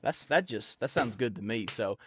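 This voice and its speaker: A man's voice: mid-range voice, lively intonation, normal speed, a bit bright, slight background noise. A man with a Southern accent hosting a casual podcast, talking loosely with lots of laughs and folksy fillers. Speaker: podcast host.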